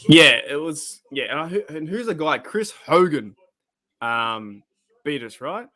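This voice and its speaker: A man's voice: on the high side, slow pace. Rambling Australian man, live-stream host. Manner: rambling, animated, swears freely. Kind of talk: casual live-stream chat.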